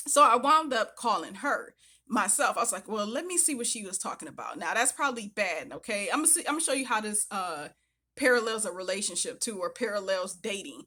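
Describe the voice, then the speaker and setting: A young woman talks straight to camera in a loose, conversational way, telling her story with animated asides. Her voice is bright and forward, and her pitch sits in an ordinary middle range for a woman. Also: brisk. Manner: chatty, animated retelling with acted-out quotes. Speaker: vlogger.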